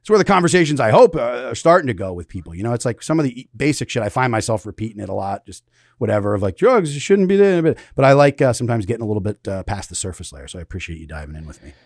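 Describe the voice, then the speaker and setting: A man's voice: fairly low pitch, animated, very fast, no room sound, clean studio sound. A man hosting a podcast in casual chat. He rambles loosely and laughs often. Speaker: podcast host.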